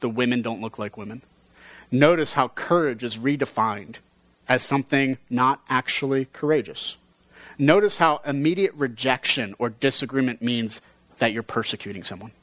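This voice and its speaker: A man reading a story aloud in a measured voice, then teaching on it earnestly. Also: mid-range voice, a bit bright, no echo.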